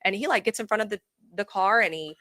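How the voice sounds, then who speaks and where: A woman, a real estate consultant, telling a dramatic story in a casual interview, animated and laughing often. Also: medium pitch, fast, dry recording.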